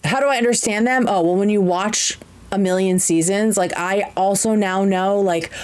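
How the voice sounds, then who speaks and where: A woman's voice: mid-range voice, moderate pace, a little mellow, smooth, rough recording. A woman hosting a live-streamed podcast, chatting casually and animatedly, with many fillers and restarts. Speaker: podcast host.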